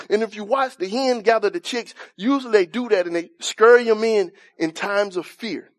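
High-voiced impassioned male preacher. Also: moderate pace, hardly any pauses. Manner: impassioned, rising to shouts then dropping soft. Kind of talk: sermon.

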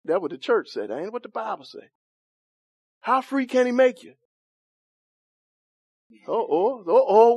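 High-voiced preacher, dry close sound. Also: male voice, lively intonation, moderate pace, long pauses, darkish tone, no echo. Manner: call-and-response with congregation, laughing, questioning; folksy Southern Black church vernacular. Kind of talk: sermon.

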